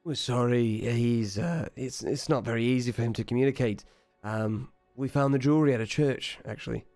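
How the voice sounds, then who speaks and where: A man's voice: mid-range voice, normal speed, darkish tone, dry recording, faint music behind, close to an everyday voice. A man voicing a smirking human singer with a showy stage manner. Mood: apologetic. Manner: smug showman.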